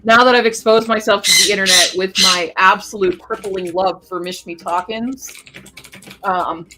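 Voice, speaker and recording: A woman's voice: medium pitch, steady tone, moderate pace, noisy background. A woman chatting casually on a writing livestream at home, gushing and giggly. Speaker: writing streamer.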